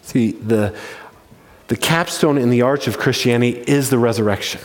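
A man preaching a sermon as pastor. He talks emphatically and slows down to stress key points. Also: medium pitch. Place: church. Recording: reverberant church hall.

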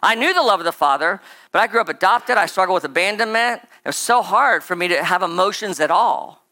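Speaking at a brisk clip in a mid-range voice, this preacher gives an easygoing sermon that meanders animatedly, full of "like" and "right?" tossed in along the way.

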